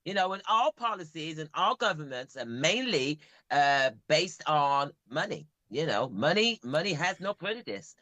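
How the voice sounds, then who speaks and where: A British man talking in a casual podcast chat, teasing the host with dry banter. His voice sits high and sounds bright and crisp. The sound is close and dry, with no room in it. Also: big pitch swings, moderate pace, hardly any pauses, no echo. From United Kingdom. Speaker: comedian guest.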